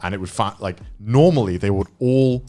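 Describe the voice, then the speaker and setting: A man's voice: lowish voice, moderate pace, mellow. A British man from northern England, co-hosting a casual podcast and telling stories in a chatty way. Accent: neutral British, once northern. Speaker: podcast co-host. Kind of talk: casual chat.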